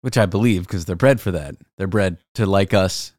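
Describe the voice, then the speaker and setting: A man's voice: deep voice, moderate pace, a little mellow, no echo, studio quality. A man hosting a casual podcast chat, floating theories and jokes with some swearing. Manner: joking, curse-sprinkled, speculative. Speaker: podcast host.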